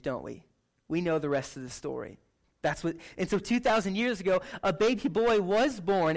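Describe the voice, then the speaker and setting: A man preaching a sermon in a casual, conversational way, animated and chatty, often tagging lines with "right?". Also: on the high side. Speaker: pastor.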